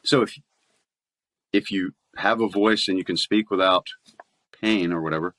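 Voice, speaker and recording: A man's voice: low voice, moderate pace, dry recording. A man who works as a voice actor, talking casually as a guest and telling stories with frequent laughs. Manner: chatty storyteller, laughs often, animated voice play. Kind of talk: casual podcast interview.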